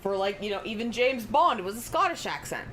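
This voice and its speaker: A woman's voice: mid-range voice, lively intonation, a little fast, fairly bright tone, slight background noise. Chatty woman streamer, rambling and swearing. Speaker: game streamer. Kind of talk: casual live-stream chat.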